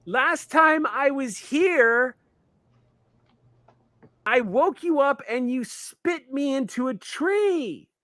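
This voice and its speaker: A man voicing a nervous young fae in a tabletop game, with high, stammering pleading. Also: lively intonation, extremely slow, long pauses, bright, forceful tone, dry recording, clean studio sound, full character voice. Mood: panicked.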